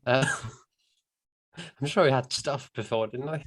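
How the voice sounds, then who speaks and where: A comedian guest in casual chat, playful and mock-clueless, laughing often. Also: male voice, mid-range voice, takes it slowly, fairly bright tone, faint music behind.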